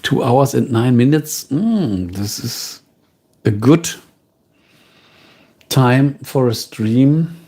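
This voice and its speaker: A man with a German accent hosting a livestream and chatting casually with his viewers. He talks slowly and unhurriedly. His voice is mellow and mid-pitched. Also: breathy edge. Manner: relaxed, unhurried, talks directly to chat. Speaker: livestream host.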